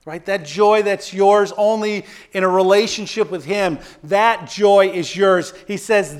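A man preaching a sermon, energetic and conversational, tossing in quick asides and dropping soft on quoted prayers. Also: sits high, smooth. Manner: conversational asides with repeated "right?". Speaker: pastor.

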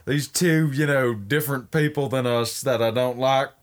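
A young man rambling through a profane, casual film pitch, full of fillers and "right?". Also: normal speed. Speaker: comedy sketch performer.

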